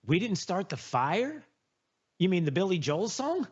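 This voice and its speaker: A man's voice: high-pitched, sing-song, measured pace, a little mellow, slightly rough. Rambling male talk radio host. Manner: rambling, loose, with many filler words. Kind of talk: casual talk radio chat. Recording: lo-fi radio broadcast.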